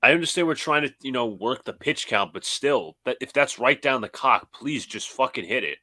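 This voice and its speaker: A man's voice: mid-range voice, animated, normal speed, pushed and bright. A man co-hosting a live game watch-along who talks bluntly and swears in frustration. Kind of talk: casual fan chat.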